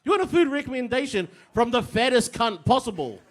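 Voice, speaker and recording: A brash young man tears through a crude stand-up set on a pub stage. His voice sits high for a man, and he mocks himself as he lands each punchline. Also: very animated, brisk. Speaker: stand-up comedian.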